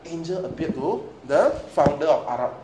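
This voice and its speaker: Man preacher, higher voice, acts out scenes with laughs, heard from afar in a roomy, noisy hall. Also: moderate pace. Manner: animated, dramatic, acts out scenes, laughs often. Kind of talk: sermon. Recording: echoey hall, distant mic, ambient noise.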